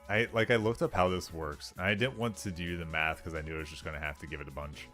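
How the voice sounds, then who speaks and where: A fairly low-voiced man chatting his way through a game stream, rambling along and laughing easily. Faint game music runs quietly behind him. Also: steady tone, fast talker, hardly any pauses. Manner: rambling, chatty, laughs often, lots of fillers. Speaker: let's play streamer. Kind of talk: casual let's-play commentary.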